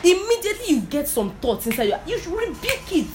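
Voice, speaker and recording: Over music, a woman preacher with an extremely high voice and big pitch swings talks fairly quickly through an informal sermon and personal testimony. Emphatic and repetitive, she keeps asking if listeners understand.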